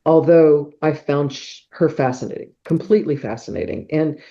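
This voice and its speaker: A woman's voice: low voice, moderate pace, dark tone. A middle-aged woman telling a personal story as a podcast guest, acting out sounds like whooshes and claps as she goes. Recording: dull, muffled podcast audio.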